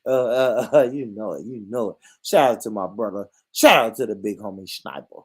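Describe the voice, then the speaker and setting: A man's voice: on the low side, moderate pace, slightly rough. A man hosting his own vlog, ranting comedically with lots of swearing and frequent laughs. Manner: animated, swearing, laughing often. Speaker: vlogger. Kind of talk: profane comedic rant.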